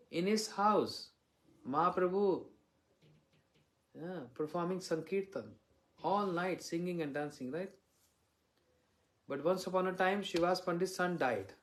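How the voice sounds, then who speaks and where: Man, monk giving a storytelling devotional lecture; voice sits a touch high. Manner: storytelling, asks listeners rhetorical questions. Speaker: visiting monk preacher.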